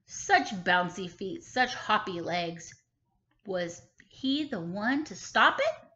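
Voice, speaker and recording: Expressive teacher reading a storybook. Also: female voice, medium pitch, slow. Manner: expressive, stops to ask children questions. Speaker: kindergarten teacher. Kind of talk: reading a picture book aloud to children. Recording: echoey room, slightly dull sound.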